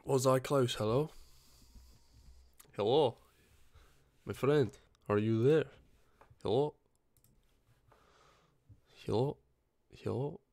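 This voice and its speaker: A man's voice: mid-range voice, slow pace, vocal fry, long pauses, a little mellow, no room sound. A British man streaming a game, bantering and swearing freely in voice chat. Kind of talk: gaming voice chat.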